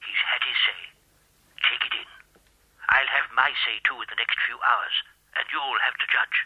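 An actor playing an anxious man who gives hushed, urgent warnings in a radio drama. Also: mid-range voice, steady tone, normal speed, lo-fi sound, a little hiss or hum. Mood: earnest. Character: anxious older man whispering advice.

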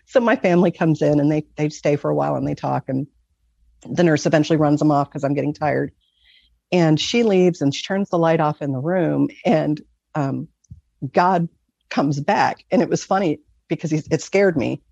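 A woman candidly telling a personal story as an interview guest, earnest and often breaking into soft laughs. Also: deep voice, normal speed, gravelly, dry recording. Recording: dull lo-fi recording.

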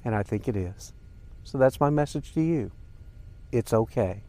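A man's voice: medium pitch, lively intonation, moderate pace, dark tone. An older man hosting a podcast, talking earnestly and emotionally straight to his listeners in a personal, reflective monologue. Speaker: podcast host.

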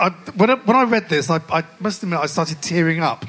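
Jokey male fan host, slightly high. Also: lively intonation, fast, a bit bright, rough recording. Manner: jokey, enthusiastic fan, chatty questions. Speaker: podcast host. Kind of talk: live podcast interview. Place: live stage event at a club.

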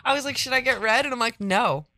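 A woman's voice: on the high side, fast, sharp tone. A young woman in casual chat, playful and joking, swearing and laughing a lot.

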